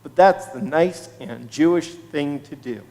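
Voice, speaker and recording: Service leader narrating a kids' story: lively, high, unhurried, in a reverberant hall. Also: male voice. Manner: expressive, slow storytelling to children. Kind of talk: children's story at a synagogue service. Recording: reverberant sanctuary livestream.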